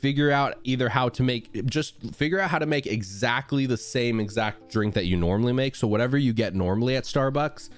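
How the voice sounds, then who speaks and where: A man's voice: fairly quick, hardly any pauses, soft background music. A man streaming live and chatting casually with his viewers, upbeat and greeting them by name, with his voice cracking today. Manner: upbeat, greets viewers by name with excited high-pitched jumps.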